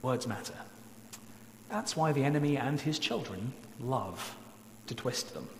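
A man's voice: medium pitch, animated. A male pastor preaching in a church sanctuary, earnest and pleading. His voice rings with a long echo through the hall, and a faint hum sits underneath. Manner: earnest, pleading, slows down to stress key points. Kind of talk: sermon.

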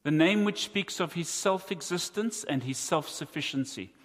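A man with a South African accent preaching a sermon, earnest and deliberate, with wry asides to his congregation. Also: on the high side, animated, a bit bright, in a large hall. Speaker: pastor.

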